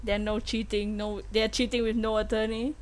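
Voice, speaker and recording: A woman's voice: fairly high pitch, level tone, normal speed. A young woman streaming a game live, giggly and playful, laughing often as she chats.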